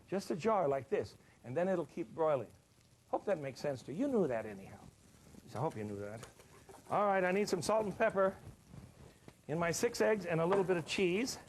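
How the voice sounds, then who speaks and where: A man hosts a cooking show from a studio kitchen, talking the audience through a dish. His voice sits a little high and swings widely in pitch, chatty and enthusiastic, with jokey asides. Faint background noise is present. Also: darkish tone. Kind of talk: cooking demonstration.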